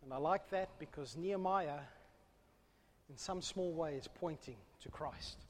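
A man preaching a sermon, swinging between loud, fervent calls and hushed, low asides. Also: a little slow, a little hiss or hum. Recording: long hall reverb.

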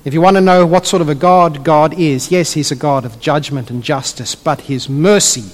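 A man delivers a sermon in a high voice. He preaches with animation and softens his voice to tell a story. The sound carries the long reverb of a church hall. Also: normal speed. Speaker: pastor.

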